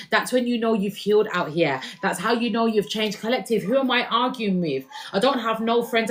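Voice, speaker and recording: A woman, giving a casual tarot reading to her viewers in a chatty, slangy way, constantly checking in with the listeners. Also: medium pitch. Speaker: tarot reader.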